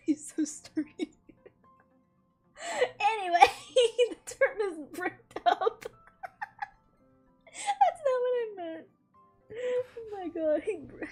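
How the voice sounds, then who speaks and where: A woman with a high, bright voice chats casually on a game live stream. She talks in a loose, rambling way and breaks into giggles often. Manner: giggly, chatty, laughs often.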